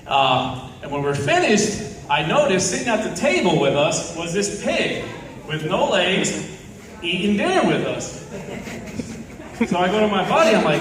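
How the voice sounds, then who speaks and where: A man's voice: high voice, big pitch swings, moderate pace, long pauses, noisy background. A man from New Jersey doing a stand-up comedy set, telling stories with lots of fillers. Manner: storytelling with many fillers, acts out voices. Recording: echoey hall, distant mic.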